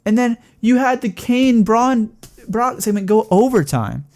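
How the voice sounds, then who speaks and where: A man's voice: very high voice, animated, unhurried, darkish tone, no echo. A young man giving a casual, heated review of a wrestling show, rambling and swearing with lots of fillers.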